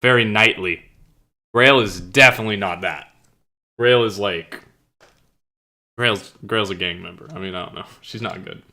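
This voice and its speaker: Young guy streamer chatting w his viewers, kinda low but bright voice, lots of likes and swearing. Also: moderate pace, long pauses. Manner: rambling, filler-heavy, swears casually. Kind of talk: casual chat with live chat. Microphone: own streaming mic.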